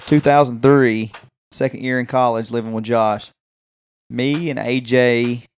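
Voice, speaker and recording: A man's voice: medium pitch, measured pace, clean tone. A man, co-hosting a podcast and chatting casually, rambling through anecdotes. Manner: rambling, animated anecdotes with acted quotes. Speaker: podcast co-host. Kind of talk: casual chat, storytelling.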